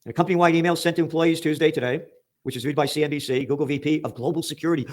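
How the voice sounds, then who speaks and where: A man's voice: fairly high pitch, steady tone, very fast. An American man hosting a political commentary show, reading news headlines aloud and ranting about them with sarcastic, emphatic outbursts. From United States.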